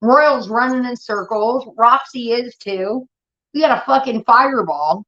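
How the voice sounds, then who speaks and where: A young woman telling rambling, profane stories in casual chat, getting animated as she retells them. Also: on the high side, a little slow. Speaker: show host. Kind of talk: casual storytelling rant. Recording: dull lo-fi stream audio.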